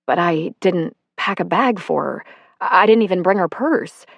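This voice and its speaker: A woman's voice: fairly low pitch, expressive, unhurried, creaky, no room sound, dull audio, exaggerated voice. A woman reading aloud, voicing a worried female social worker who asks anxious, earnest questions about her friend.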